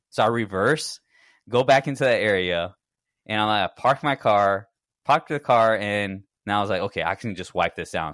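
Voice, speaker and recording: Low-voiced man telling a story. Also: no room sound, clean studio sound. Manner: animated storyteller, acts out his own reactions in quotes. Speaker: podcast co-host. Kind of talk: casual storytelling chat.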